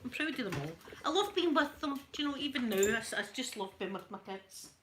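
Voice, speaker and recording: A woman with a Glaswegian Scottish accent chats away at home as she irons, joking and laughing as she goes. Her voice is bright and a touch high, and a faint hiss sits under it. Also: expressive, fast talker. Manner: chatty and jokey, laughs often. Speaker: ASMR creator. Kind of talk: casual chat. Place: at home, ironing.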